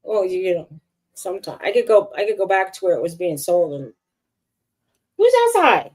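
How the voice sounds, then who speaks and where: A woman's voice: lowish voice, very animated, normal speed, darkish tone, breathy edge. A middle-aged woman chatting casually with friends on a crafting livestream. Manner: coos and talks baby-talk to her dog. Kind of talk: casual chat.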